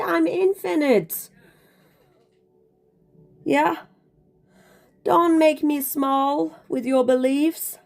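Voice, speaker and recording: A woman with a fairly high voice speaks straight into her camera in a casual monologue. She is emphatic and preachy, leaning on "okay?" and "darling". She sounds a little out of breath. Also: slow, gravelly, a little mellow. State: slightly out of breath. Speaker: spiritual video creator.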